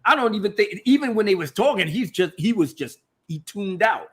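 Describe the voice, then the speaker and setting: A man hosts a casual show review. He retells scenes with lively energy, putting on voices for the characters and swearing freely. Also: high voice, fairly quick, breathy edge. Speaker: podcast host reviewing a TV episode. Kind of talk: animated casual recap.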